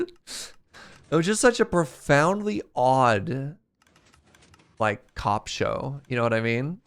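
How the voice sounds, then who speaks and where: A man's voice: medium pitch, big pitch swings, takes it slowly, pauses often. Chatty man streaming a game. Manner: chatty, laughs often, talks to chat. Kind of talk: casual chat while gaming.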